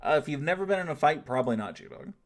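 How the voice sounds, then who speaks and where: A man from the United States hosts a relaxed livestream, talking straight to his viewers. His delivery is casual and full of cursing and teasing. His voice swings widely in pitch. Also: quick pace, faint music behind. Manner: laid-back, swears freely, laughs often, teases chat. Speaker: streamer reading and answering chat.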